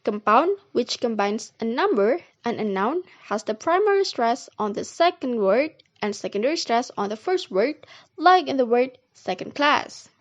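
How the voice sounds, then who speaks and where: A young woman with an Indonesian accent presents a recorded class lesson. Her voice sits fairly high, and she reads each point in an even, explaining manner. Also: moderate pace, highs cut off. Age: young adult. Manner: steady, read-aloud explanation. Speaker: student presenter.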